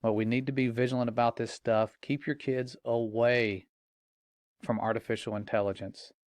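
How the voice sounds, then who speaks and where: Middle-aged male commentator, earnest and grave, mid pitch, dry recording. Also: steady tone, moderate pace, darkish tone, no echo. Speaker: Christian commentator. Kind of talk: warning commentary.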